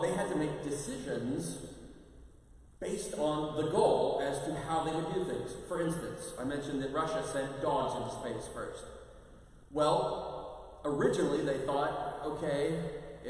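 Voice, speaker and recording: A priest giving a parish mission talk in a conversational, animated way, acting out quotes. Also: male voice, fairly high pitch. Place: large church. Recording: echoey church, voice from far off.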